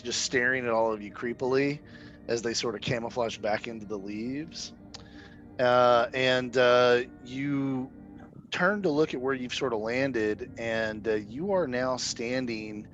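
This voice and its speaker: A man runs a tabletop game, describing scenes in a loose, rambling way full of fillers and restarts. His voice sits at an average pitch. The audio is dull and lo-fi. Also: a little slow, faint music behind. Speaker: game master.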